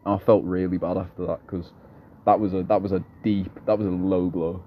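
Blunt, very low-voiced young man. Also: flat delivery, brisk, highs cut off, slight background noise. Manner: blunt, swears freely, rambling anecdotes. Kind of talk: casual chat.

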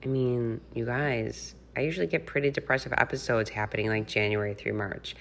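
A woman's voice: rumbling low, a little fast, vocal fry. A middle-aged woman from Wisconsin hosting her own podcast in a candid, chatty way, laughing and swearing freely. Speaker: podcast host and health coach. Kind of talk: casual solo podcast chat.

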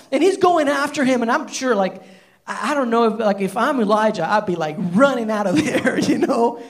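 A man preaching a sermon, retelling a Bible story in animated, casual storytelling with lots of "like". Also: extremely high pitch, normal speed. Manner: animated storytelling, many fillers like "like". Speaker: pastor.

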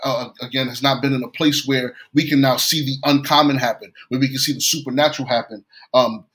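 A man's voice: medium pitch, fairly even intonation, a little fast, a bit bright, low-quality recording. A man from New York preaching a sermon, telling a story and often repeating and restarting his phrases.

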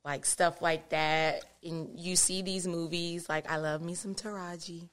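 A woman guest in a casual podcast conversation. She tells stories with animation and giggles between lines. Her voice sits a bit lower than most women's. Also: steady tone, measured pace, fairly bright tone, clear, resonant tone. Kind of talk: casual chat.

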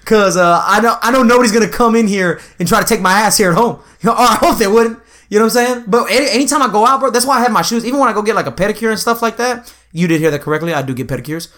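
High-voiced man, rapid talk, animated storyteller, swears a lot, casual podcast chat. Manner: animated storyteller, swears often, acts out quotes. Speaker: podcast co-host.

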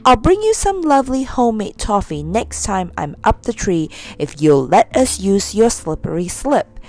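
An earnest, sensible young boy from a children's storybook, read by a woman. He coaxes and urges the others on, his voice rising and falling in lively swings. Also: mid-range voice, moderate pace. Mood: shouting. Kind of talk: storybook reading.

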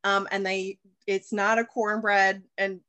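A woman's voice: medium pitch, little pitch movement, a little slow, sharp tone, dry recording. American woman in her 30s chatting as a guest, rambly with lots of ums, dry close sound. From United States. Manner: chatty, rambling with many fillers and restarts. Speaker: podcast guest, baker and chef. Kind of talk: casual interview chat.

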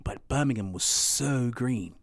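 A man's voice: medium pitch, a little slow. A man with an English accent from Dorset who acts for a living, explaining things at length and repeating himself in casual podcast chat. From England. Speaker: podcast co-host, actor.

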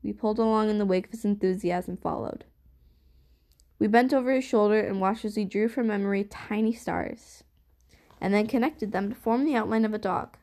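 A woman reads a novel aloud in a steady, measured way. Her voice stays mid-range and even throughout the narration. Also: medium pitch. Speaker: audiobook narrator. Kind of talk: scripted narration.

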